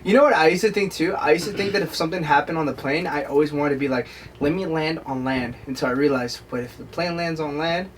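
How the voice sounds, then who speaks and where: Podcast co-host: rapid, rambling young man with a somewhat high voice, mic set back, faint hiss. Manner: animated, rambling, lots of fillers. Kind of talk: casual chat. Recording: distant mic with faint noise.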